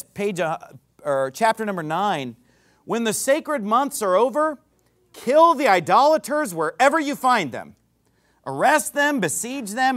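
Fiery high-voiced preacher man. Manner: impassioned, rising to shouts; says he is worked up. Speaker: pastor. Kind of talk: fiery sermon.

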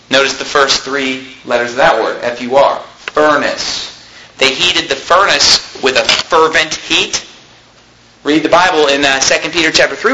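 A man preaching a sermon with emphasis, his voice rising toward near-shouting and then dropping low. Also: noisy background.

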